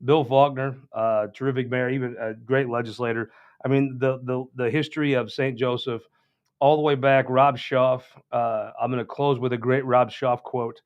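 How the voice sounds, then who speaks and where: A man's voice: mid-range voice, fairly even intonation, normal speed, smooth. A man hosting a political talk show, rambling in a folksy, casual monologue with frequent restarts. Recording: dull lo-fi sound.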